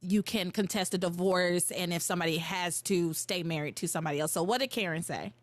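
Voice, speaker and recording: A woman's voice: fairly low pitch, a little fast, dry recording. A woman co-hosting a casual podcast, recapping a soap opera plot with frequent laughter and the odd swear word. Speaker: podcast co-host. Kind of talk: casual chat.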